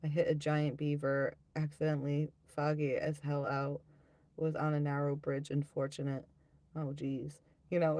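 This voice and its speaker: In a dry recording, a woman with a low-pitched, warm voice hosts a livestream, reading viewer comments aloud. Her chat is rambling and offhand, and she's quick to laugh at herself.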